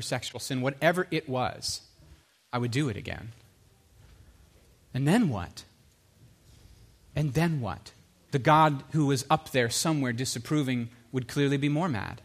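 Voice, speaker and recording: A man giving an earnest personal testimony, animated at times and dropping low and quiet for emphasis. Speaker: speaker sharing his faith story.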